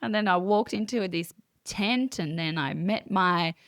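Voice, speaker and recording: A woman guest on a conversational podcast, telling a personal story in an animated way and acting out her own quoted thoughts. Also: lowish voice, unhurried, no echo, clean studio sound. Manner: many fillers and restarts. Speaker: guest, psychic medium. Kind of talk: casual interview storytelling.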